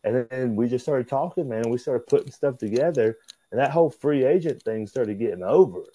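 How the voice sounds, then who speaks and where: A man, a pro wrestler, telling backstage stories as an interview guest in a casual, animated way. He, swears freely, calls people "brother," and acts out what others said in a raised voice. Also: mid-range voice, a little fast, husky, no room sound, rough recording.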